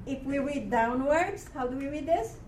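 A woman teaching a Hebrew class, explaining words patiently and repeating them slowly for her students. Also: sits high, lively intonation, noisy background. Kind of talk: classroom lesson.

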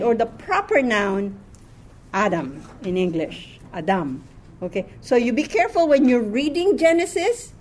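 A woman teaching a Hebrew class, explaining words patiently and repeating them slowly for her students. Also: fairly high pitch, a little hiss or hum. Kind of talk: classroom lesson.

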